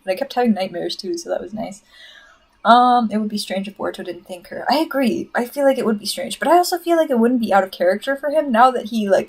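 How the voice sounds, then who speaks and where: A woman streaming casually and answering chat, chatty and excitable, full of "like" and "um" as she rants. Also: medium pitch, gravelly. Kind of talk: casual livestream rant.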